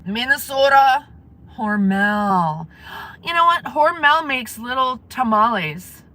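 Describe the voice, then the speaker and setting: A woman's voice: fairly high pitch, lively intonation, slow pace, sharp tone. A woman live-streaming from her car, chatting casually with viewers and laughing often. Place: in a parked car.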